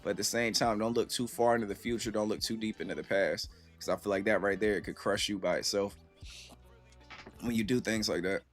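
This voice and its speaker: A man's voice: lowish voice, fairly even intonation, brisk, soft background music. Laid-back man talking on a live stream. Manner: laid-back and reflective, heavy with "you know what I'm saying"; reads and answers chat. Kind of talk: casual live-stream chat. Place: at home.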